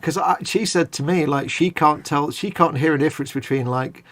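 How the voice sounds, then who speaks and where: A man rambles through a live stream chat, correcting himself as he reads viewer comments aloud. His voice sits a little high and has a gravelly, creaky edge. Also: a little fast, a bit bright. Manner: rambling, chatty, self-correcting.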